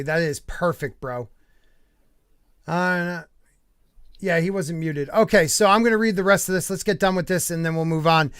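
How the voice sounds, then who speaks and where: High-voiced man hosting a podcast. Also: moderate pace, pauses often, a bit bright, clean tone, no echo, studio quality. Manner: ranting, blunt and profane. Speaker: podcast host. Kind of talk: casual podcast chat, reading chat comments.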